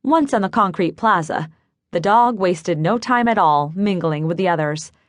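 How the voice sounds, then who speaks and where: A woman reading a cozy mystery in first person, even and clear, close to a studio mic. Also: on the low side, moderate pace, dry recording. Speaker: audiobook narrator. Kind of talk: scripted first-person narration.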